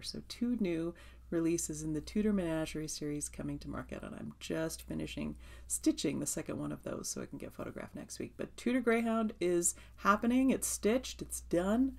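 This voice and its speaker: A woman's voice: fairly low pitch, vocal fry. A woman hosting her own cross-stitch vlog, chatting eagerly from her notes. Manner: eager, gushing, reading from notes. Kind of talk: casual chat from notes.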